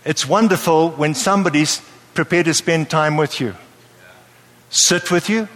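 A man preaching a sermon to a live audience in a lively, playful way, often checking that his listeners follow him. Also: a little high, measured pace. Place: church hall with a live audience. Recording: long hall reverb.

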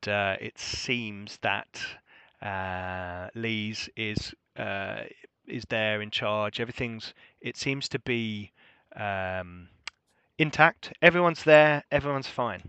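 A man's voice: on the low side, bright, forceful tone, clear, resonant tone, dry recording, full character voice. A man doing a blunt weary starship captain. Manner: clipped, curses casually. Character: brisk tired male spaceship captain, blunt.

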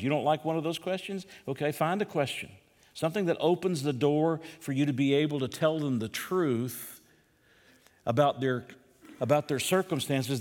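A man's voice: medium pitch, a little mellow. An older man teaching a sermon as pastor, conversational, repeating himself and putting questions to his listeners. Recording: long reverb from a hall.

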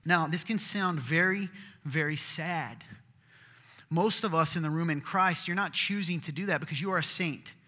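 A male pastor preaching a sermon in an earnest, conversational way, swinging from loud to hushed. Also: a little high, moderate pace. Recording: long reverb of a large hall.

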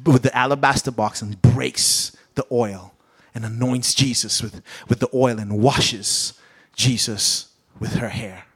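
A man's voice: medium pitch, fairly even intonation, measured pace, husky. A man preaching a sermon with a British accent, acting out the Bible characters as he goes. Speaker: pastor.

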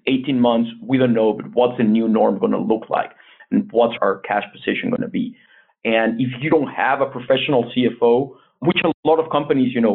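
A man's voice: mid-range voice, husky. A man, an investment bank CEO, giving earnest advice in an interview, often restarting his sentences. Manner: earnest, advisory, frequent restarts. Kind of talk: conversational interview answers. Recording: tinny phone-like line.

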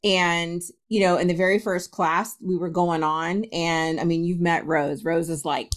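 A woman's voice: lowish voice, flat delivery, a little slow. A middle-aged woman, a spiritualist medium and podcast guest, telling a personal story with lots of laughter and acted-out quotes. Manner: laughs often, acts out quoted voices.

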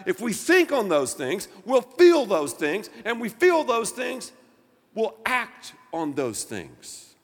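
A pastor preaching with a high, bright voice that rises and falls dramatically. He swings from soft, low asides to loud emphatic lines. His sermon rings out with a long reverb in a large hall. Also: huge pitch swings, takes it slowly. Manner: emphatic preaching with wide swings of loudness and pitch.

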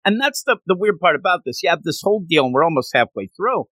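A man's voice: a little high, big pitch swings, fast, a bit bright, no echo. A man hosting a casual comic book review podcast, talking animatedly and acting out characters. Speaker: podcast host.

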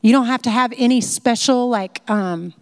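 A woman teaching a conversational Bible lesson in a chatty, animated way, full of "like" fillers. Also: fairly high pitch, normal speed, dry recording, studio quality.

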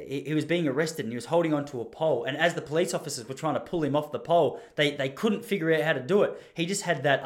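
An Australian man in his thirties telling rambling, animated anecdotes in casual chat. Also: a little high. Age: 30s. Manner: rambling, animated, laughs while telling stories.

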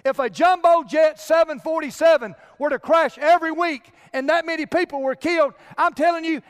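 High-voiced preacher in a reverberant hall. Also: male voice. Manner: emphatic preaching, addresses the congregation directly. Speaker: pastor. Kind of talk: sermon.

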